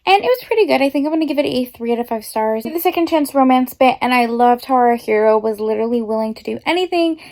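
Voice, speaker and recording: A young woman chatting casually about books she's reading, with animated, drawn-out emphasis. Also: a little high. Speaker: book vlogger.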